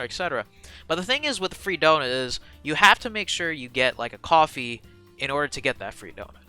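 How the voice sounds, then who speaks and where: A young man streaming to a live chat, telling a casual, slangy and profane story, animated and excitable, swinging from mumbled asides to loud bursts. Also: medium pitch, smooth. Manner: slangy and profane, full of fillers.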